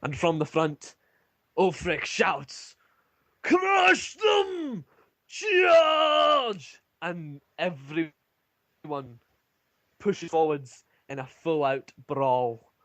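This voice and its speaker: A man narrating a tabletop game as game master, pausing often with ums and uhs. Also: a little high, fairly even intonation, no echo. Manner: hesitant, many ums.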